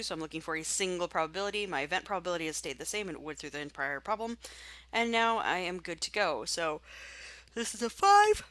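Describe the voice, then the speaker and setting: A woman instructor narrates a screen-recorded statistics tutorial, chatting and thinking aloud as she clicks through menus. Her voice sits a little low yet sounds bright and forward. The recording is dry and close, with no room sound. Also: no echo.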